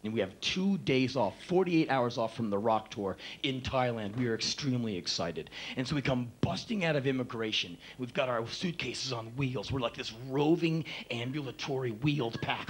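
Animated man telling comic stories on stage. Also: mid-range voice, moderate pace, few pauses, slight background noise. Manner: animated, swings from mutters to shouted bursts. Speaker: spoken word performer. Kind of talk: comedic storytelling monologue. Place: live show on stage.

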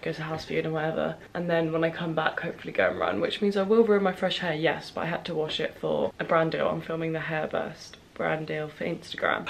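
A young woman in her twenties talking casually to camera, excitable and emotional, fast and breathless. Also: on the low side, gravelly, a little hiss or hum. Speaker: vlogger. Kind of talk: casual vlog talk.

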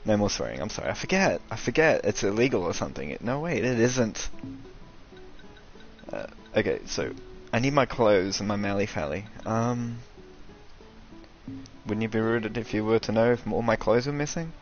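A man's voice: lowish voice, moderate pace. Aussie gaming streamer guy, swings up and down a lot, muffled lo-fi sound w game music under. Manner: excitable, sweary, ranting. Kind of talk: casual game commentary.

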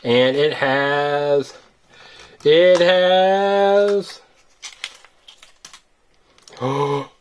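A woman whose voice sits low talks at normal speed, with slight background noise, as she opens surprise eggs with a child for an unboxing video. She's animated and teasing, with a sing-song lilt to her playful chat.

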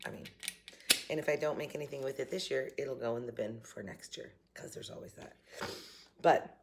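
Chatty Southern woman with a gravelly voice. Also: very deep voice, a little fast, a little mellow. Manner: chatty, laughing, upbeat. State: coughing. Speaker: vlogger. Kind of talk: casual morning chat to camera. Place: home kitchen.

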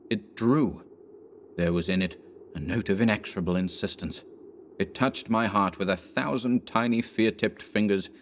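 Deep voiced guy reading a horror audiobook, slow and dramatic. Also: slight background noise. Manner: measured, dramatic storytelling. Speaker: narrator.

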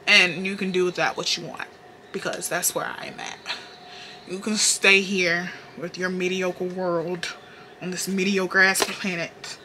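A woman's voice: fairly low pitch, steady tone, unhurried, background noise. A young woman with a Southern Carolina accent, chatting casually through a makeup tutorial in a sassy, profane, playful way. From North Carolina, US. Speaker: beauty vlogger.

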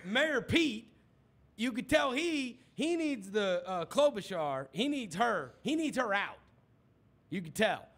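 High-voiced animated male radio host. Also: slow. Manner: animated storyteller, mimics others loudly. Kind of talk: casual studio chat. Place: radio studio.

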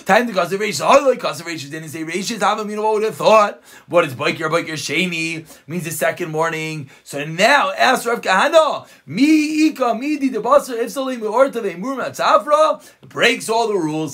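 A man teaching a daf yomi Talmud lesson in a high, slightly husky voice. He moves back and forth between reading Aramaic lines and quick English explanation. His pitch swings up and down, and he stops to correct himself as he goes. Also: fairly bright tone.

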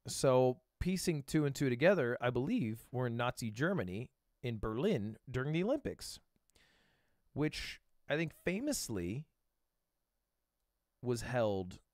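A man streaming live who thinks out loud through guessing games, swears freely and bursts into loud excitement, recorded close on a desk microphone. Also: medium pitch, unhurried, dry recording. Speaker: streamer reacting to videos and playing guessing games.

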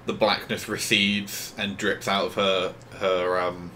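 A man running a tabletop game as game master over online voice chat, matter-of-fact and quick to mock himself. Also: deep voice, level tone, pushed and bright, a little hiss or hum.

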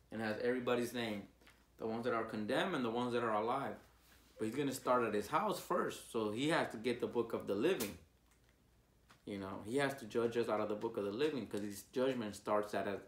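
A man's voice: mid-range voice, a little fast. Earnest preacher man in an echoey room. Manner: earnest, repeats himself, rises loud on key words. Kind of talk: informal sermon.

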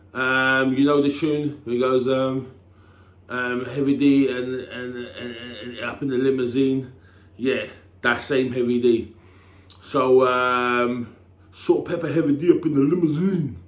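An English man chatting casually as a TV personality, rambling and restarting, breaking into loud catchphrase shouts. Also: roomy sound. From England. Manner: rambling, full of restarts and "you know what I mean", bursts into loud "Boom" shouts. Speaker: TV personality answering fan questions. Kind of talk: casual chat.

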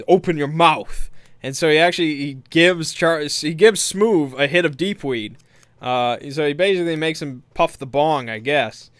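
A man's voice: on the high side, moderate pace, fairly bright tone, clean tone, no echo. A man casually recapping a tabletop game session in a meandering, hesitant, amused way.

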